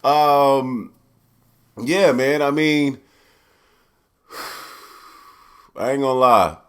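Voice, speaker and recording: A man's voice: medium pitch, very slow, smooth. A man hosting a podcast in laid-back, joking chat, laughing often and swearing freely. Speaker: podcast host.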